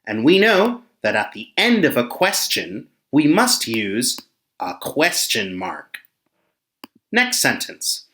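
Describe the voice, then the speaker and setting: Slow, lively-voiced English teacher in an echoey room. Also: mid-range voice. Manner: speaks slowly and pointedly, acting out example sentences. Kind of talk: slow, expressive classroom explanation.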